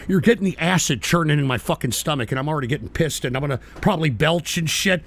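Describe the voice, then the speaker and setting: A male radio host ranting live at trolls in his chat, swearing and yelling, then sighing to calm himself. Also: fairly high pitch, fast talker. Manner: swings between fury and sighing calm. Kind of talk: live call-in style radio rant.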